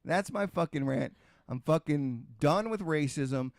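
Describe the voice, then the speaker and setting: A man's voice: on the high side, expressive, a little slow, gravelly, no echo, studio quality. A middle-aged man hosting a podcast, ranting in a heavily profane, emphatic way, repeating himself and firing off rhetorical questions. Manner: repetitive, restarts and rhetorical questions. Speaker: podcast host. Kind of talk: casual podcast rant.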